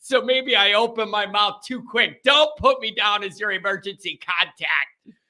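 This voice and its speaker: A man's voice: high-pitched, measured pace, bright, forceful tone. A man hosting a fan call-in radio show, talking casually and emphatically to his listeners with joking asides. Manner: emphatic, fired up about his team. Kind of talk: casual morning show monologue.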